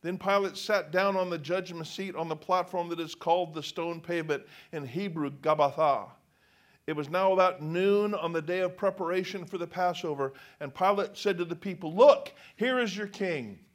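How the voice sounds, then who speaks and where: A man with a high voice preaches a sermon. He reads scripture aloud and acts out the quoted speakers with dramatic flair. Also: moderate pace. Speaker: pastor.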